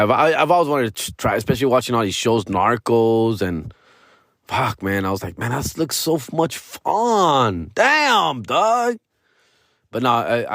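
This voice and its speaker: A male comedian, chatting loosely and profanely on his podcast. His voice sits a bit high for a man. The sound is close and dry with no room echo. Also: fairly bright tone. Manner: rambling, profane, slangy storytelling. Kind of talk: casual chat.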